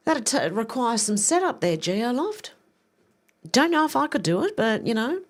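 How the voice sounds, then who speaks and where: A woman hosting a live stream, reading viewer comments aloud and reacting with quick asides. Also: fairly high pitch.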